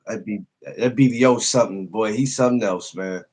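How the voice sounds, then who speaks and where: A man's voice: on the low side, fairly quick, darkish tone. A man hosting a casual podcast livestream, greeting viewers by name and talking loosely, with profanity and frequent laughs. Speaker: podcast host greeting live chat.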